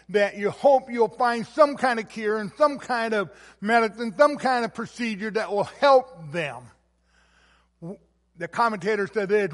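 A male pastor preaching a sermon in an earnest way, with fillers and restarts and a loudness that rises and falls. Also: very high-pitched. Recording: long echo of a large hall.

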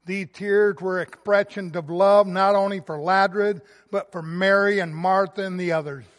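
A man preaching a sermon as pastor, earnest, swelling loud and then dropping quiet. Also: high voice, fairly even intonation, normal speed, long reverb tail.

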